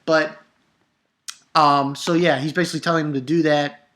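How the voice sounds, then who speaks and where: Excitable male manga reviewer, casual and profane, prone to loud outbursts. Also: on the high side, moderate pace, pauses often.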